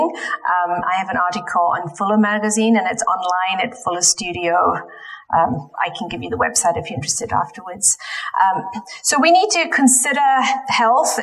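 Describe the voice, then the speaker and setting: A woman's voice: medium pitch, rough recording. A woman giving a lecture in a church, speaking with frequent ums and self-corrections. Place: church hall.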